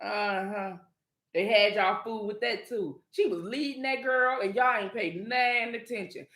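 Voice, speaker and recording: A high-pitched woman talks in a sassy, blunt, profane rant, speaking. Her voice bounces off the walls of an echoey room. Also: fairly bright tone. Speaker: channel host. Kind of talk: casual commentary monologue.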